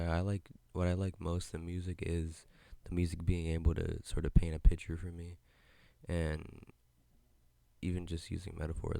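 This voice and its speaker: A man's voice: sits low, creaky, dark tone, dry recording. A young man hosting a casual solo podcast, rambling in a laid-back way, swearing and laughing often, on a podcast mic. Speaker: podcast host. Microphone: podcast mic with headphones.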